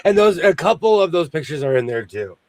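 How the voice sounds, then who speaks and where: Lively high-pitched man hosting a chat. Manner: chatty, greets viewers by name, jokes about himself. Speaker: host of a live sewing stream. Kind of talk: casual chat.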